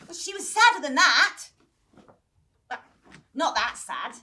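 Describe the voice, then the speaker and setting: A woman's voice: sits high, very animated, slow pace, bright, forceful tone, exaggerated voice. A woman playing young Jack, an eager, restless boy who coaxes the audience to join in during interactive children's theatre.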